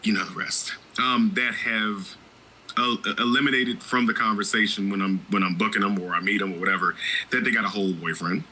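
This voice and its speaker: A man's voice: fairly low pitch, fairly even intonation, fairly quick, bright, forceful tone, a little hiss or hum, low-quality recording. A man hosting a podcast, talking candidly and with strong opinions, with frequent restarts. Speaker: podcast host. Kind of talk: casual podcast chat.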